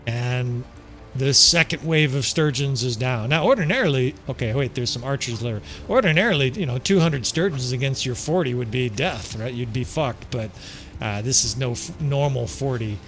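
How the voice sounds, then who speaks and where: A man's voice: mid-range voice, animated, moderate pace, fairly bright tone, faint music behind. A man giving casual strategy game commentary, joking and swearing as he plays, chuckling often. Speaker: gameplay commentator.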